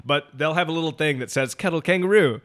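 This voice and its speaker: A man's voice: on the high side, fast, fairly bright tone. Chatty male co-host telling stories. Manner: chatty storyteller, explains things at length. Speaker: podcast co-host. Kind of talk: casual chat over beers.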